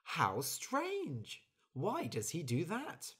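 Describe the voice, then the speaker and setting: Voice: mid-range voice, wildly swooping pitch, drawn-out words, a bit bright, slightly rough, voice pushed up, full character voice. A storyteller voicing a nosy female bird who keeps asking probing questions. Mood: curious.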